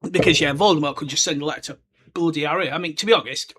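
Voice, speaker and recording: A man's voice: fairly high pitch, very fast, fairly bright tone, husky. A man hosting a book podcast, rambling and chatty, with side remarks along the way. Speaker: podcast host. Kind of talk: casual chat, book discussion.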